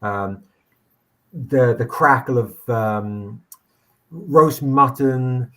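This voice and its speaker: A man's voice: mid-range voice, a bit bright. A man narrating as game master in a tabletop game, rambling with frequent restarts. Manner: rambling, halting, many restarts.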